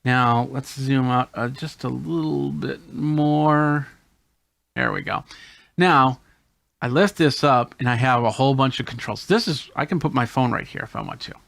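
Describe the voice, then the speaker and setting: Male tech host, mid-pitched, casual hands-on gadget walkthrough, dry close sound. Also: moderate pace, vocal fry, fairly bright tone, no room sound. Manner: explains hands-on while demonstrating gadgets. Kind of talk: casual gear demo.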